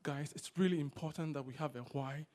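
High-pitched preacher swinging loud and soft. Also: male voice, a little fast. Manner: swings between loud exhortation and quiet asides. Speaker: pastor. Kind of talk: sermon. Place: church service.

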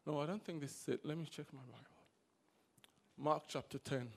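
A man preaching a sermon to a congregation, swinging between loud exhortation and quiet asides. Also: fairly high pitch, a little fast, creaky. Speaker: pastor. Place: church service.

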